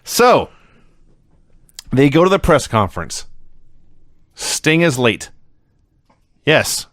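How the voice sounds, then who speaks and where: Dude on a podcast being dry and sarcastic, lively voice, dead dry sound. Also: male voice, on the high side, takes it slowly, dry recording. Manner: dry, sarcastic, wry storytelling recaps. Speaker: podcast co-host. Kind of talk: casual chat.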